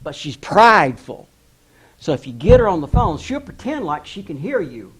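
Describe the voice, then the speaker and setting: An author addresses an audience with a story, acting out each person he quotes in lively fashion. His voice is a little high and slightly rough, at a moderate pace.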